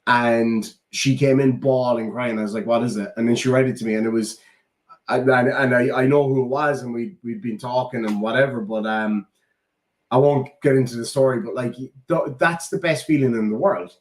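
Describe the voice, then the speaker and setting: A man's voice: medium pitch, fairly even intonation, moderate pace. A man with an Irish accent telling heartfelt stories in casual chat, swearing freely. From Ireland. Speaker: podcast co-host. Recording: roomy echo.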